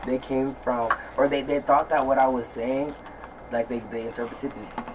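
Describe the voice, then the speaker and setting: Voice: mid-range voice, fairly even intonation, normal speed. A speaker teasing and interjecting in casual chat, recorded in a noisy room.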